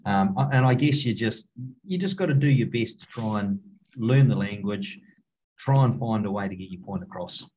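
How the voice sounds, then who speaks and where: A middle-aged coach with a New Zealand accent talks casually in a lowish voice. He halts and restarts often as he thinks aloud. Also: lively intonation, darkish tone, a little hiss or hum, low-quality recording. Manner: halting, many fillers and restarts. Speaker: rugby coach, guest. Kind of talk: casual interview talk.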